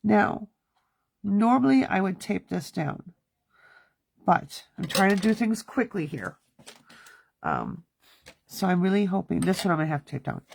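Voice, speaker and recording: In her home studio, a thirtysomething woman hosts a relaxed card-making livestream, chatting and muttering to herself as she crafts. Her mid-range voice is sing-song, creaky and a little mellow, and she speaks unhurriedly with long pauses.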